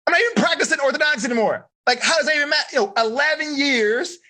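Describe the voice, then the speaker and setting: A man running a live online coaching seminar for teens, talking in an energetic, slangy way straight to the kids. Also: very high-pitched, rapid-fire. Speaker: life coach.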